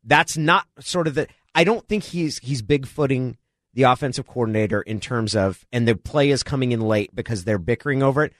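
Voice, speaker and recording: A middle-aged man co-hosting a sports radio show, talking through football strategy in a measured, analytical way. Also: medium pitch, no room sound, studio quality. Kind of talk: casual sports talk.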